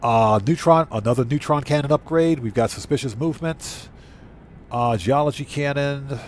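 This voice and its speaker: Hoarse man streaming a game. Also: medium pitch, moderate pace, slight background noise. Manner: reads viewer chat aloud and thanks viewers often. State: losing his voice. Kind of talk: casual live gameplay chat.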